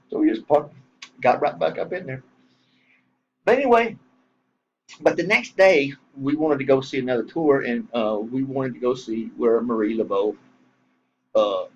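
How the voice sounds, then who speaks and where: A man's voice: mid-range voice, highs cut off, slight background noise. A middle-aged Texan man telling a rambling, folksy story in a casual way, with some casual swearing. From Southern US.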